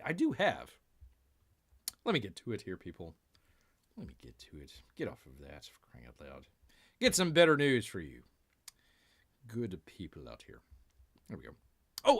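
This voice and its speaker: A man hosting a live-stream news chat, rambling and speaking of himself in the third person, with drawn-out sighs and mumbled asides. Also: a little high, fairly bright tone, breathy edge. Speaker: show host.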